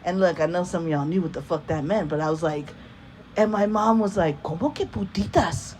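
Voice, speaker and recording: A woman's voice: on the low side, brisk, a little mellow, slight background noise. A woman telling a personal story live on stage in a loose, profane, chatty way with laughing asides. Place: live storytelling event before an audience.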